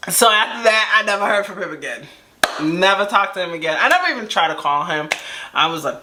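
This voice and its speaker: A woman's voice: mid-range voice, expressive, a little fast, background noise. A woman vlogger telling a personal story in casual, slangy chat, full of asides and rhetorical questions.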